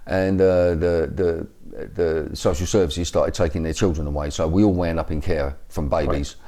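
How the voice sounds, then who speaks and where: A Cockney man in his fifties, a guest in an interview, recounts his life story in a rambling way full of fillers and restarts. His bass voice is dark and steady, and he speaks at normal speed.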